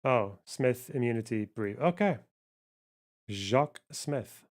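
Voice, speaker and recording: A man's voice: medium pitch, lively intonation, slow, dry recording, clean studio sound. A man hosting a live stream, chatting casually and muttering offhand remarks as he reacts to clips. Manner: offhand, chuckling, muttering to himself.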